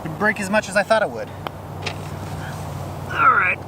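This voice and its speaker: A man's voice: sits high, sing-song, moderate pace, noisy background. A man vlogging as he plays a round of golf outdoors in the cold, slightly out of breath and self-deprecating. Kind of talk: casual talk to camera while golfing.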